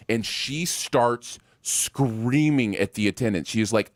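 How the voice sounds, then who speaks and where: A middle-aged man co-hosting a casual live chat, telling anecdotes in a relaxed, amused way. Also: mid-range voice, a little slow, few pauses, dry recording, clean studio sound. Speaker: co-host.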